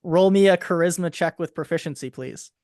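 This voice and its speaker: A man running a tabletop game as game master, narrating scenes in a relaxed, halting way with fillers. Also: a little high, no echo, clean studio sound.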